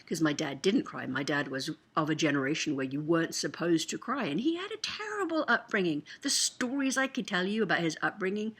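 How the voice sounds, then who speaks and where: A woman's voice: fairly low pitch, expressive, brisk, few pauses, a bit bright, breathy edge. A tired woman giving a candid, emotional writing lesson in a chatty, casual way. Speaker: writing coach. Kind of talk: casual teaching monologue to camera.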